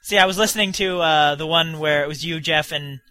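A man's voice: fairly high pitch, fairly quick, sharp tone. A man co-hosting a casual podcast, rambling through stories and laughing often. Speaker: podcast co-host.

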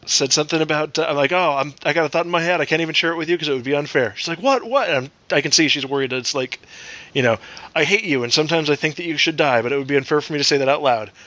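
A man's voice: a little high, racing, sharp tone, no room sound, highs cut off. A man in his thirties, co-hosting a podcast, telling joking self-deprecating stories in casual chat. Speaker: podcast co-host.

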